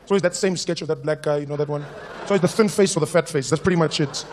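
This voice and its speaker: Man, South African accent, stand-up comedian, animated storyteller, high voice, rapid delivery. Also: slight background noise. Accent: South African English. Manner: animated storytelling, puts on voices of people he meets. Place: comedy stage with a live audience.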